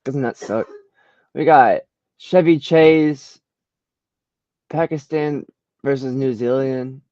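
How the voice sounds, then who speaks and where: A man in a laid-back screen-share session, full of slang and swearing, breaking into loud disbelief at what he finds. His audio is dull and lo-fi, with a dry, close sound. He talks at a mid pitch. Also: takes it slowly, dry recording. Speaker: vlogger browsing trending searches. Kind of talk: casual screen-share commentary.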